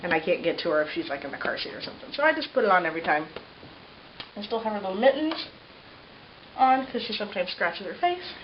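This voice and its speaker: A woman's voice: medium pitch, very animated, fast talker. A woman in her thirties chatting casually in a vlog, a mother of three giving a tender, meandering baby update full of fillers. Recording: slightly muffled with faint hiss.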